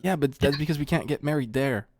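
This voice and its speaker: A man's voice: on the high side, fast talker. A man playing an online tabletop game, tossing in short teasing quips during casual chat over a computer mic. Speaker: player.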